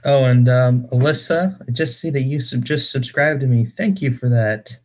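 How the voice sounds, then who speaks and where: Streamer man, middle-pitched voice, casual chat, reads aloud and corrects himself often. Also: normal speed. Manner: stumbling, self-correcting reading. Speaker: livestream host. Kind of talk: casual livestream chat and poem reading.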